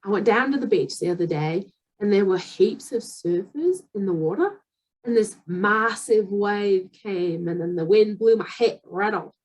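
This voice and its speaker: A woman doing an impression of a young Australian woman telling a beach story, speaking slowly and carefully in a put-on Australian accent. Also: mid-range voice, lively intonation, a little mellow, rough recording. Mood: playful.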